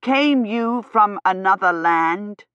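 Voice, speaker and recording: A woman reading aloud, voicing a young knight who speaks slowly and stresses every word. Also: lowish voice, a bit bright, no echo. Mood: puzzled. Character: earnest young knight, slow and over-distinct. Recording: slightly dull, dry audio.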